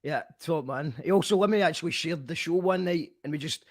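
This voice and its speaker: A man hosting a casual chat show, easygoing with halting restarts. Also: on the high side, no room sound, clean studio sound. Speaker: show host.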